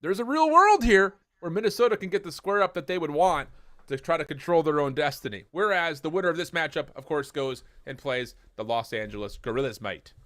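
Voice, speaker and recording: A man's voice: a little high, expressive, fairly quick, a bit bright, no room sound. Male esports co-caster, casual and joking, rambling delivery, dry booth sound. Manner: chatty, jokey, rambling with fillers.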